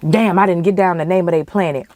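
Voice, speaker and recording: Podcast host, young woman, low voice, passionate casual movie reaction. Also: fast talker, no room sound. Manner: animated, emotional, profane, slangy.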